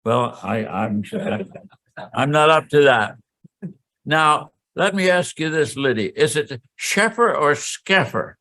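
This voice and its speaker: A man's voice: medium pitch, takes it slowly, pushed and bright. Hesitant older man lecturing on history. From Pennsylvania. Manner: rambling, hesitant asides with many ums and restarts. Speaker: seminar lecturer. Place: college lecture hall.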